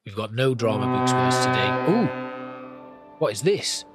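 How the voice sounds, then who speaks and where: A man's voice: on the low side, normal speed. A man casually commenting on his gameplay, thinking aloud as he plans each move. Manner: thinking aloud, planning, relaxed. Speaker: gameplay host. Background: game music.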